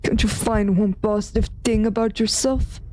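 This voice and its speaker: A woman's voice: medium pitch, fairly even intonation, normal speed, darkish tone, no echo, natural voice, poor audio. A woman reading a cold taunting inner voice. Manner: cold, accusing. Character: cruel taunting inner voice, female. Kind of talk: reading a visual novel aloud.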